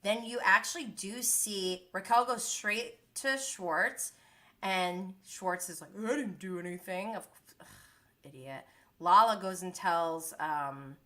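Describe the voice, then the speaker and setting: On her live stream, a reality TV commentator in her thirties tears into a show recap, her mid-range voice bright and sharp. She veers from disbelief to exasperation, staying animated and mimicking cast members along the way.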